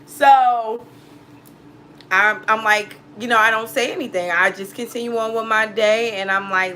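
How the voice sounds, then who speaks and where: A woman tarot reader shares a personal story on a casual vlog, full of swearing and emphasis and breaking into frequent laughter. Her mid-range voice is bright and forceful, with a steady tone and normal speed, over a slight hiss or hum.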